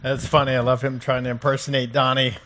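A man's voice: medium pitch, little pitch movement, fast talker, fairly bright tone. A man, a pastor, preaching earnestly and emphatically from scripture. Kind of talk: sermon.

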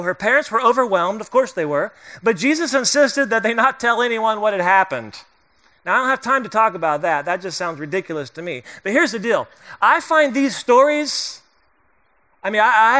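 A middle-aged male pastor delivers a loose, conversational sermon, joking with the congregation and voicing the characters in his story. His high voice sounds bright and forward, animated at a normal speed.

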